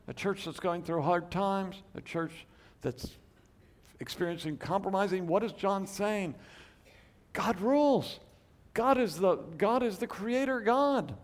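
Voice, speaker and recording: Bible teacher, a man with a slightly high voice, emphatic, swings from loud stresses to hushed asides, rhetorical questions. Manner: thinks aloud with quick restarts and rhetorical questions. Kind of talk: Bible study lecture.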